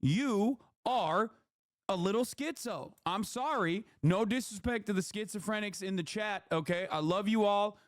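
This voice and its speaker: High-voiced man ranting with heavy profanity. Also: a little slow, dry recording, clean studio sound. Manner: heated, profane, swings into shouting. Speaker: streamer being watched. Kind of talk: political commentary rant.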